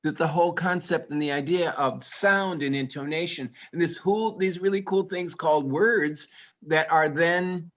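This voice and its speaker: A man from England gives a playful talk to educators, tossing out rhetorical questions and musing aloud. His voice sits a little high for a man. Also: normal speed, fairly bright tone. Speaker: guest speaker.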